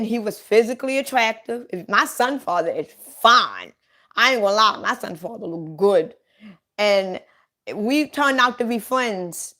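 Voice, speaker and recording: A woman's voice: medium pitch, a bit bright. A middle-aged woman chatting casually on a livestream, telling blunt, profane stories straight to her viewers.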